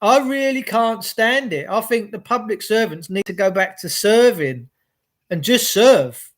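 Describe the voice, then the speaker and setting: His voice sits high with lively intonation, and he's in no hurry. The middle-aged man streams casually from home by a log burner, chatting, welcoming viewers, and ranting impassionedly as a vlogger.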